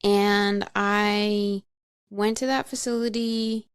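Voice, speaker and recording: A woman's voice: medium pitch, steady tone, takes it slowly, clean tone, no echo, studio quality. A woman recounting her past as a podcast guest, frank and matter-of-fact, laughing at herself and peppering her talk with "like". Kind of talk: candid personal storytelling.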